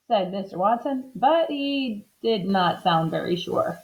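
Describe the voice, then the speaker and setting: A woman reading a children's book aloud in an expressive, animated way. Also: medium pitch, a little slow, hardly any pauses. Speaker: storybook reader. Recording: slightly dull lo-fi recording.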